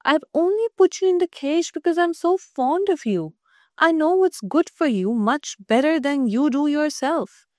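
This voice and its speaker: A woman playing a gentle young princess. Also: high-pitched, animated, unhurried, dry recording, studio quality. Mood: coaxing.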